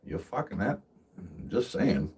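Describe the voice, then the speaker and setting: A man's voice: lowish voice, sing-song, a little slow, a little mellow, slightly rough. A man chatting casually on a livestream from his vehicle while driving, rambling and swearing freely, often laughing. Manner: rambling, profane, laughs a lot. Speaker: livestreamer and tree climber.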